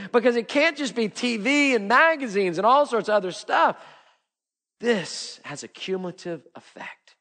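A middle-aged man preaching a sermon, swinging between emphatic repeated lines and hushed low ones. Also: long reverb tail. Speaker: pastor.

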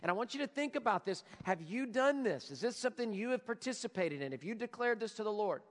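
A pastor in his forties preaches in a high voice that carries a long reverb through the hall. He moves from loud, emphatic declarations to soft, prayerful passages. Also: animated, fast. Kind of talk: sermon.

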